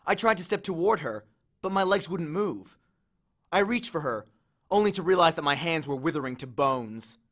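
Guy narrating a novel aloud, kinda high voice, measured expressive reading. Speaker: audiobook reader. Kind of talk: first-person audiobook narration.

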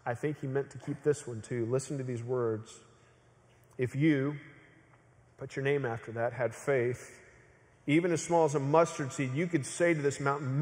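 Earnest male pastor in a reverberant hall. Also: medium pitch. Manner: earnest, builds to emphatic peaks, slows for dramatic pauses. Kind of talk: sermon. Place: large church auditorium.

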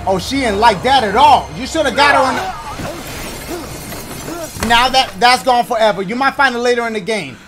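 A young man giving excitable, loud running commentary while playing a video game, swearing freely. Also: very high voice, moderate pace, pauses often. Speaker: gaming let's-play host. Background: game music.

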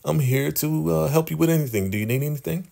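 A man's voice: on the high side, fast, gravelly, dark tone, pitched above the performer's own voice. A man voicing a sly, wheedling young man offering help.

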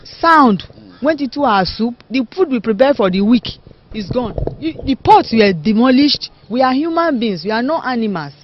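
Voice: medium pitch, big pitch swings, moderate pace, a little hiss or hum. A resident giving indignant interview testimony. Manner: indignant, complaining. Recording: dull, dry lo-fi audio.

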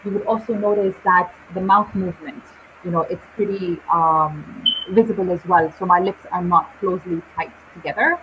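A woman teaching English in a live online session, speaking slowly and deliberately with clear pauses between words. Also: on the low side, a little hiss or hum. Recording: dull lo-fi live stream audio.

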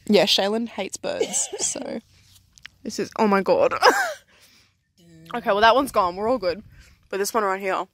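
A young woman vlogging on an outdoor picnic, excitable and giggly and swearing freely. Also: medium pitch, unhurried, long pauses, dry recording. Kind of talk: casual vlog chat. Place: outdoors in a rainforest picnic area. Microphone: handheld camera.

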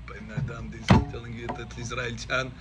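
A man's voice: medium pitch, completely flat delivery, normal speed, very noisy. A man teaching a class as a rabbi, telling stories and acting out the dialogue with animation. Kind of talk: storytelling Torah class.

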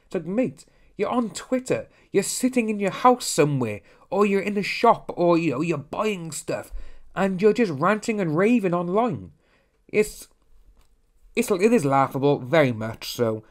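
A man's voice: sits high, big pitch swings, measured pace. Blunt man ranting. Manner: blunt, ranting, often mimics others in quotes. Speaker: commentary channel host. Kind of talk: casual opinion commentary.

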